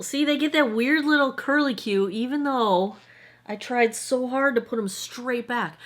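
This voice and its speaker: A woman in her forties giving a casual, rambling skincare review at home as a vlogger, often correcting herself mid-sentence. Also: a little high. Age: 40s. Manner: rambling, self-correcting, chatty. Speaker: skincare vlogger and product maker. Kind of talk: casual chatty product review. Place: at home, indoors, filming in front of a monitor.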